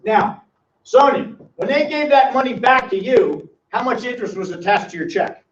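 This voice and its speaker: An older man leads a small classroom seminar, his voice pitched high as he prods and teases his audience. He sounds distant in a reverberant room. The recording is muffled and lo-fi. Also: animated, moderate pace. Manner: teasing, quizzes audience by name. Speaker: financial educator. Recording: roomy, distant, dull lo-fi sound.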